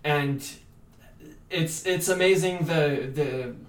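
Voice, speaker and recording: A man's voice: a little high, slow pace, far from the mic. Young man, roomy echo. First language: French. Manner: rambling, stammering restarts, frequent "like". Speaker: guest actor. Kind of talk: casual interview chat.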